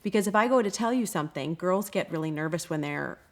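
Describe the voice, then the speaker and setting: A woman who runs anti-bullying workshops, answering interview questions in an expressive way and often acting out quoted voices. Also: fairly low pitch, quick pace. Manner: expressive, acts out quoted kids and parents.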